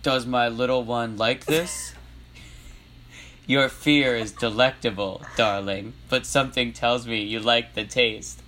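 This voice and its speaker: A man's voice: medium pitch, steady tone, takes it slowly, sharp tone, a little hiss or hum. A man putting on a sadistic, taunting demon clown. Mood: menacing.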